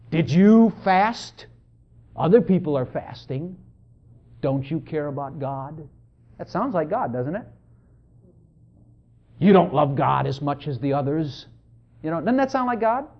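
Animated preacher on a dull recording. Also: medium pitch. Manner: animated, conversational, repeatedly asks "Hello?". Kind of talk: sermon.

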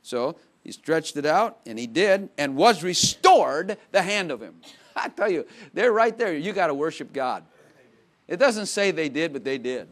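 A man preaching a sermon in a conversational way, dropping to quiet asides and rising to loud emphatic bursts, with frequent laughs. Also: on the high side, very animated, a little slow. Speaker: pastor.

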